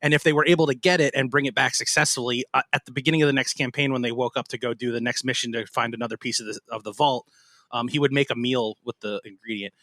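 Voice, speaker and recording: A man's voice: medium pitch, quick pace, no room sound. A man chatting as a podcast guest, telling game stories with lots of fillers. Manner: animated storytelling with many fillers. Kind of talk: casual chat.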